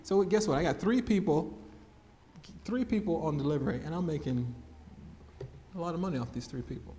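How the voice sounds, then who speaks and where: A man shares a testimony. He tells it with plenty of animation, acting out the voices in his story and breaking into laughter, in a voice sitting a bit high for a man. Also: fairly quick, mellow. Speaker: guest speaker.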